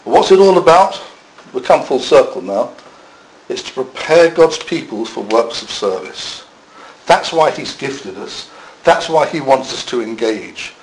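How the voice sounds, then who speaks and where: A man's voice: mid-range voice, animated, measured pace, a little hiss or hum, poor audio. A man preaching a sermon in a church, conversational, with self-deprecating asides.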